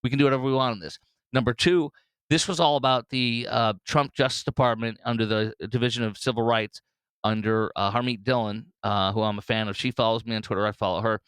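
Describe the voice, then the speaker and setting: A man's voice: mid-range voice, steady tone, fairly quick, fairly bright tone, clear, resonant tone, no room sound. A man hosting a solo political commentary show, talking bluntly and mockingly with frequent fillers and restarts.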